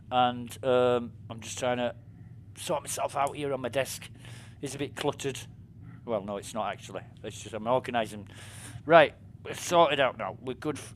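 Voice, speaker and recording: A man's voice: medium pitch, fairly bright tone, a little hiss or hum. Rambling man streaming a game. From United Kingdom. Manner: rambling, chatty, self-amused, lots of fillers. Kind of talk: casual live-stream chat. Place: home desk.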